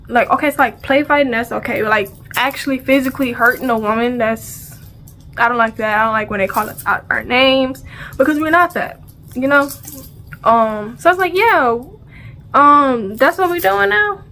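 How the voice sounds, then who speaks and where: A woman's voice: on the high side, normal speed, a little hiss or hum. A woman telling a storytime vlog in casual slang, acting out the sounds and dialogue as she goes. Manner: animated, acts out sounds and dialogue; casual slang, repeats phrases. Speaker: vlogger.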